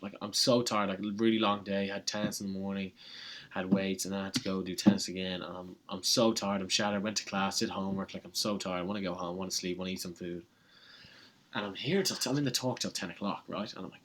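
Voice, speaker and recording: A young Irish man casually telling a story as an interview guest, animated and swearing freely, with lots of fillers. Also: sits low, quick pace. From Ireland. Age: young adult. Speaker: college tennis player, guest.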